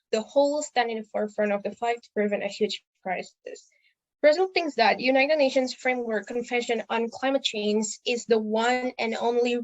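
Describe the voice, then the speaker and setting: Female student delegate, slightly high pitch, formal prepared speech with halting restarts. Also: rough recording.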